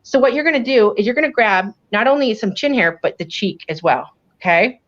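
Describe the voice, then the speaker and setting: Western New York woman dog groomer, chatty demo voice, dull lo-fi sound, pitched a bit high. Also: fairly quick. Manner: chatty, animated, checks in with "okay?". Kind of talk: hands-on grooming demonstration. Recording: dull lo-fi audio.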